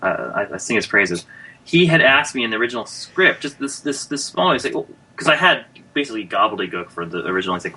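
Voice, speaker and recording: A man's voice: medium pitch, very animated, quick pace, pushed and bright, husky, rough recording. A man who writes comics, a guest in a casual podcast interview, talking in a joking, self-deprecating way with lots of restarts.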